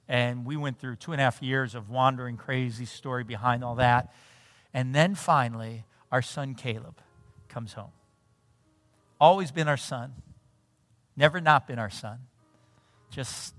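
A middle-aged man giving a sermon in a church, telling a personal story in an animated way and acting out the dialogue. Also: medium pitch, normal speed, no echo, faint music behind. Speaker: pastor. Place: church sanctuary.

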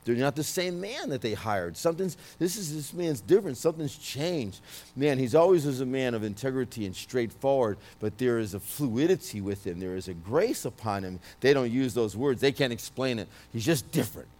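A man with a New York accent giving a prophetic word, talking loudly and emphatically, with frequent restarts. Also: medium pitch, animated, normal speed. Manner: loud, emphatic, with many restarts. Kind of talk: prophetic ministry speech.

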